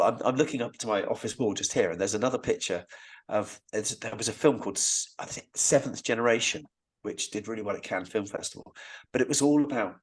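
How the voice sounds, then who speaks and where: A man tells stories as a podcast guest, his voice husky and set low. He talks with rambling enthusiasm, often stumbling and restarting mid-sentence. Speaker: Stonehenge guide and podcast guest. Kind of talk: casual storytelling interview.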